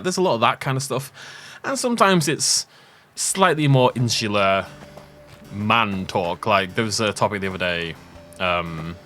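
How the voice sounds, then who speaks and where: A man's voice: medium pitch, a bit bright. A young man giving casual, rambling, self-deprecating let's play commentary. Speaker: gaming YouTuber.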